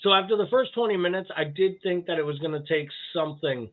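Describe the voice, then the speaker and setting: Male co-host, wry and joking, swears casually, fairly high voice, tinny phone-like audio. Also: fast. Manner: wry, joking, profane banter. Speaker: podcast co-host. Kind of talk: casual chat.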